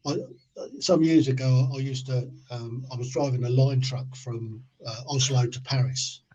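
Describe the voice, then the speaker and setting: An English man in his fifties hosting a podcast, chatty and quick to laugh as he tells anecdotes. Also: medium pitch, fairly even intonation, dark tone, a little hiss or hum. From England. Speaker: podcast host. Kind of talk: casual interview chat. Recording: dull lo-fi sound.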